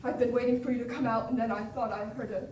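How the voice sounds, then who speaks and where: A young actress on a school stage playing a remorseful wealthy older woman who speaks in a halting, insistent way. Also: a little high, fairly even intonation, a little mellow, slight background noise, lightly acted. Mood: pleading. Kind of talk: live stage acting. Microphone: distant room mic. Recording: echoey hall recorded from far off.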